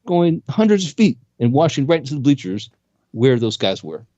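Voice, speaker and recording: A man co-hosting a casual talk radio show, talking in an animated way and pushing his voice up when he makes a point. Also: normal speed, dry recording, dull audio. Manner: animated, jumps pitch when making a point. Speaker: co-host.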